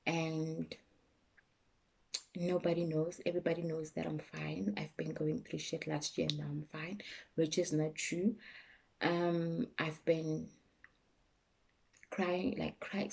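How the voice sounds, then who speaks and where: Husky low-voiced South African woman. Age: young adult. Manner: candid and emotional, soft and low at times. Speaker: YouTuber. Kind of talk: personal vlog chat.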